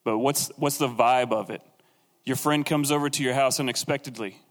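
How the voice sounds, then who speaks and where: A man's voice: medium pitch, steady tone, moderate pace, big-room sound. A man teaching a casual, conversational sermon on the Bible, with jokey asides and acted-out quotes.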